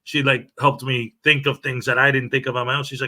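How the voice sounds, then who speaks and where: Bright-voiced joking man hosting a livestream. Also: medium pitch, little pitch movement, brisk. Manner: jokey, chatty, reads viewer comments aloud. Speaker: livestream show host. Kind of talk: casual morning livestream chat.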